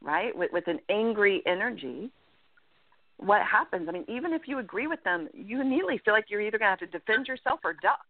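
A woman life coach giving earnest, animated advice as a guest in an interview, often checking in with "right?". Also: mid-range voice, fast talker, no echo. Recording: dry, tinny phone-line sound.

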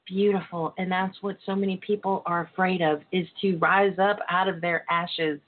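Woman host of a call-in radio chat, earnest and encouraging, mid-pitched, phone-like audio. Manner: earnest, encouraging, laughs often. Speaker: radio talk show host. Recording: tinny phone-line sound.

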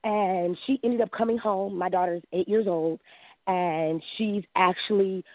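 A woman in her thirties calling in, telling a long personal story in a lively way, acting out quotes and laughing often. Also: mid-range voice, measured pace, no room sound. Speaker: caller. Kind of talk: casual storytelling. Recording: dry tinny phone line.

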